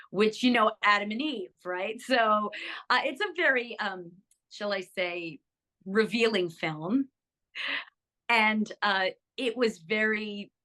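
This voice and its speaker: An older woman, an actress, chatting enthusiastically about her career in an interview, with many ums and restarts. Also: mid-range voice. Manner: enthusiastic, animated, lots of fillers. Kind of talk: casual interview chat.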